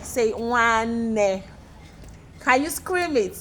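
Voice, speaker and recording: A woman teacher leads a playful beginner language lesson with a fairly high voice. She speaks very slowly, drawing each word out and repeating it for her learners. She is recorded outdoors with faint noise behind her. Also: a bit bright. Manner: slow, drawn-out, repeats words for learners.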